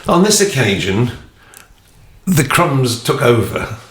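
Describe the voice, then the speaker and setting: Wry man, lively pitch. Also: slow, echoey room. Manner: self-deprecating, wry, animated. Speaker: podcast co-host. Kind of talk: casual chat.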